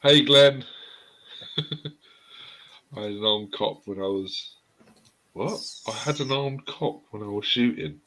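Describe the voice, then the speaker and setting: A man's voice: on the low side, slow, pauses often, fairly bright tone, low-quality recording. A man telling rowdy anecdotes in a casual chat, swearing freely.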